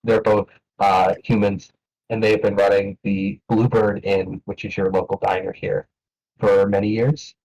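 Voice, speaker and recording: A man narrating as game master of a tabletop game, relaxed and hesitant with many fillers. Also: fairly low pitch, unhurried, poor audio.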